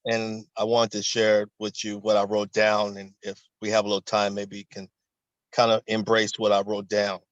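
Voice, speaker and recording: A man's voice: on the low side, monotone, normal speed, dry recording. A man taking part in a coaching session, speaking hesitantly with fillers and then reading out notes he wrote. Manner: hesitant, reads out his own written notes. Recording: dull, dry lo-fi call audio.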